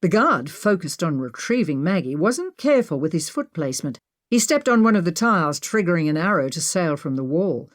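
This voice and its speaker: Woman narrating in a lowish voice. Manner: steady, measured storytelling. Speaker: audiobook narrator. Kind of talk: scripted narration.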